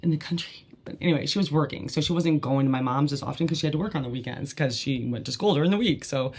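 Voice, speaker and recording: This is a podcast host recounting personal memories in a candid, conversational way. The voice sits at a middling pitch with a gravelly edge, and the delivery wanders with frequent fillers before landing emphatic points. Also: fast talker. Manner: casual, rambling, many "like" fillers, emphatic.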